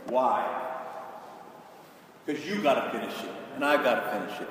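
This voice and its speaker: A man's voice: mid-range voice, normal speed, fairly bright tone, a little hiss or hum. A man preaching a sermon in a church, emphatic and pleading, acting out the voices in his story. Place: large church sanctuary. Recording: echoey hall from far off.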